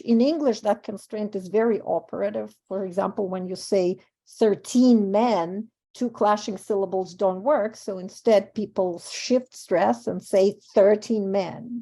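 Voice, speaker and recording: A woman whose first language is Russian gives an academic conference talk on verse, thoughtful and pausing, with frequent ums and self-corrections. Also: medium pitch, mellow. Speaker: panel speaker on verse translation.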